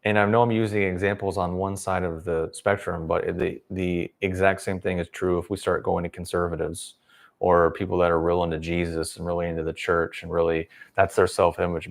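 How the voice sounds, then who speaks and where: A man's voice: deep voice, level tone, brisk, gravelly. A man hosting a livestream, giving a rambling, sarcastic opinion monologue. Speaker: livestream host.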